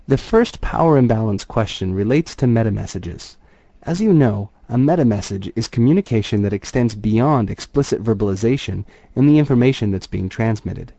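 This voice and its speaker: A man, a therapist and trainer, giving scripted instructional narration in a measured, explanatory reading voice. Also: mid-range voice, expressive, gravelly, warm tone, no echo, highs cut off.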